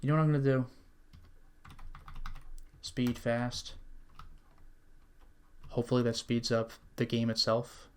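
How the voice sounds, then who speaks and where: A man's voice: medium pitch, fairly even intonation, a little slow, pauses often, a little hiss or hum. A man streaming an old computer adventure game, chatting wryly and reading the game's text aloud. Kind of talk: casual gameplay commentary.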